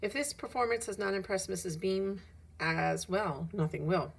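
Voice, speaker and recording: A woman reading a children's novel aloud in a lively, animated storytelling manner, rising with emphasis at dramatic moments. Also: mid-range voice, normal speed, creaky, husky. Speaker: audiobook reader.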